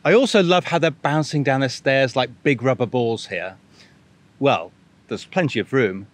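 A man reading a children's picture book aloud with enthusiastic commentary. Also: medium pitch. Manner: lively, enthusiastic, expressive. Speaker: bookshop reader.

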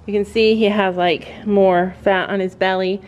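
A woman's voice: mid-range voice, flat delivery, normal speed, darkish tone, highs cut off. A woman from Canada chatting casually to her vlog audience at a horse barn, laughing often. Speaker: vlogger.

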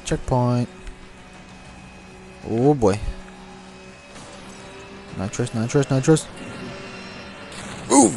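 A man's voice: mid-range voice, animated, drawn-out words, gravelly, long pauses, warm tone. A young man commenting on his own racing game play, swearing and grumbling at the cars as he drives. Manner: frustrated, swearing, talking to the game. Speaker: gameplay commentator. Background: game music and car sounds.

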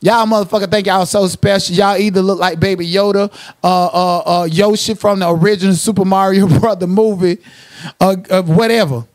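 The host of a commentary channel, a man with a high-sitting voice, rants on a livestream at a moderate pace with fairly even intonation. He's profane, confrontational and trash-talking, now and then breaking into sing-song asides.

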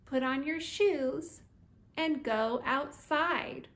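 A woman teaching first words to toddlers, repeating single words slowly and clearly. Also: high-pitched, animated. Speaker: preschool teacher.

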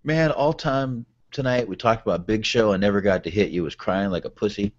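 A man's voice: on the low side, a little fast, a little hiss or hum. A man co-hosting a podcast, teasing his partner with short banter replies. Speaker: podcast co-host. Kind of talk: casual chat. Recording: dull lo-fi podcast audio.

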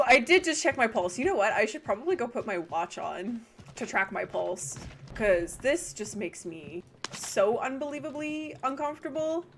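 A young woman streaming a video game, chatting casually, laughing often and breaking into excitable outbursts. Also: on the high side, measured pace, slight background noise. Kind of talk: casual livestream chat while gaming.

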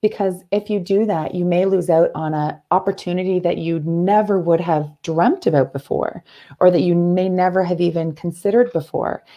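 A Canadian woman in her thirties, a guest telling stories in an earnest, animated way, often restarting her sentences. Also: lowish voice, normal speed. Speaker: interview guest, athlete and speaker. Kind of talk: conversational interview.

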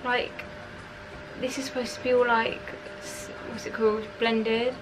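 A woman's voice: on the high side, little pitch movement, unhurried, background noise. Chatty young woman vlogger. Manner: chatty, frank, complaining. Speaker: beauty vlogger. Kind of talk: casual vlog chat.

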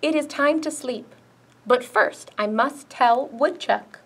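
A woman voicing a slow, muttering turtle in a children's picture book read-aloud. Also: high-pitched, a bit bright, full character voice. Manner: muttering, unhurried.

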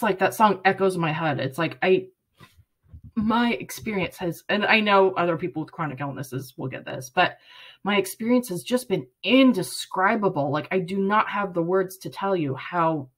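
A woman's voice: fairly low pitch, animated, moderate pace, fairly bright tone. A woman in her late thirties, talking to the camera in a personal vlog, rambling and earnest and close to tears. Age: 30s. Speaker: vlogger.

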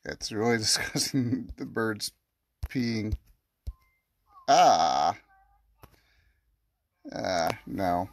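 Slow, gravelly man playing a game. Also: lowish voice, animated, a little hiss or hum. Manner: reads in-game chat messages aloud. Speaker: gaming channel host. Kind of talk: let's play commentary.

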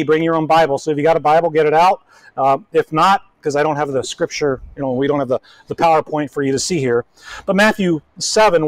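A man's voice: on the high side, no room sound, poor audio. A man preaching a casual, folksy sermon as pastor, chatting with the congregation through frequent restarts and asides.

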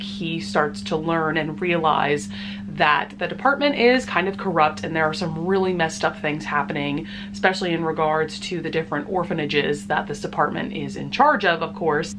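A woman's voice: fairly low pitch, noisy background. A young woman vlogging at home about books she loves, chatty and gushing, often laughing as she talks. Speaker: book vlogger. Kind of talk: casual reading vlog chat.

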